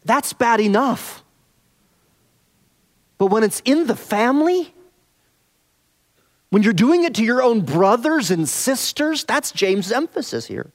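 A man preaching an expository sermon, earnest, dropping soft and slow on key phrases. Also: very high-pitched, big pitch swings. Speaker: pastor.

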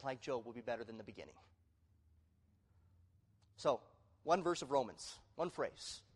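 A male pastor preaching a sermon, moving between loud, emphatic declarations and quiet, hushed appeals to the congregation. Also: mid-range voice. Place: church sanctuary. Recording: long reverb of a large hall.

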